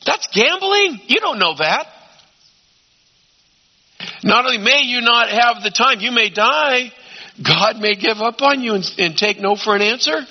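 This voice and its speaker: Man, pastor, sermon, emphatic urging with quiet asides, dull lo-fi sound. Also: extremely high pitch, lively intonation, measured pace, pauses often.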